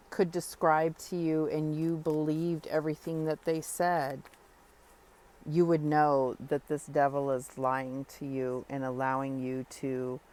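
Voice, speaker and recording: A woman giving a spoken tarot reading, talking earnestly and reassuringly straight to the listener, with pauses and fillers as she thinks. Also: deep voice, a little mellow. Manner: thoughtful with frequent pauses and fillers. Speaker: tarot reader.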